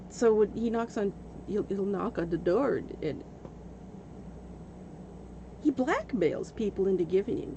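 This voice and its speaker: A woman livestreaming, telling a story in a casual, animated way and often breaking into laughter. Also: mid-range voice, creaky, background noise. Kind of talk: casual storytelling while gaming.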